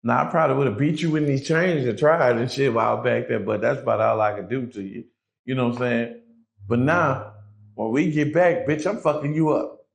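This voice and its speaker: A man's voice: medium pitch, fairly quick, creaky. A man telling his own prison story in a casual interview, swearing freely and acting out the voices of the people he quotes. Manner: profane, acts out quoted voices. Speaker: guest recounting prison story.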